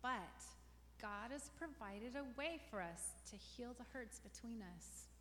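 A woman reading a children's story aloud, gently stopping to ask the young listeners questions. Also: on the high side, animated, unhurried, a little hiss or hum. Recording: long reverberant room echo.

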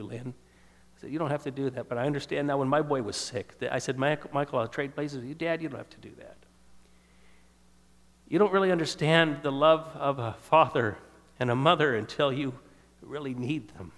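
A man in his fifties telling a personal testimony in sermon style, emotional and storytelling, dropping softer at tender moments. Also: mid-range voice, big-room sound. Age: 50s. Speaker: speaker giving a testimony.

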